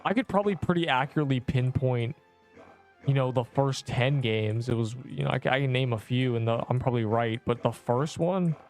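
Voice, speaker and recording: A young man in his twenties talks through a game livestream, answering chat in a loose, rambling, slangy way full of restarts. His voice sits at an ordinary middle pitch, with faint game music underneath. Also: a little fast. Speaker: game streamer.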